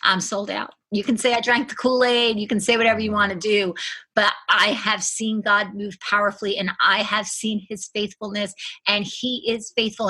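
Fervent bright-voiced woman giving testimony. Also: mid-range voice, breathy edge. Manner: earnest, fervent, repeats phrases. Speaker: guest. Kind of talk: emotional faith testimony in a conversation.

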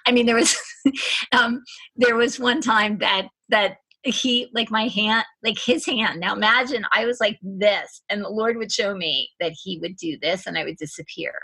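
A woman's voice: mid-range voice, normal speed, sharp tone, slightly rough. A woman giving an emotional faith testimony as a guest, earnest and fervent, repeating her phrases for emphasis.

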